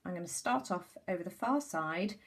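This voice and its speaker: Chatty woman, husky voice. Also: fairly low pitch, expressive, normal speed. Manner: chatty, enthusiastic, many ums. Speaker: craft tutorial host. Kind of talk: casual craft demonstration. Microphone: camera mic.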